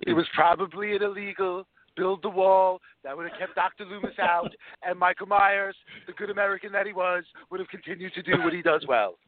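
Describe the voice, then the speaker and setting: A man's voice: high-pitched, fairly even intonation, brisk. A man co-hosting a horror podcast, rambling through theories and swearing in casual chat. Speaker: podcast co-host. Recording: dry phone-like line.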